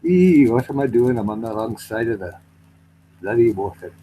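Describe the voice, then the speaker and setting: Casting note: Canadian man, mid-pitched, loose and rambling, a little crude, faint hiss behind. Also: lively intonation, warm tone, rough recording. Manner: rambling, swearing, quick to tease. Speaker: chat participant. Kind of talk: casual chat.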